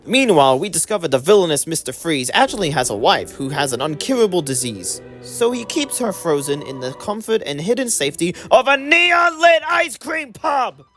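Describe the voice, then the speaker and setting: A reviewer narrates a scripted comedic film recap in a mid-range voice. The delivery is sarcastic and very animated in pitch. Faint music plays underneath. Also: fairly quick, hardly any pauses.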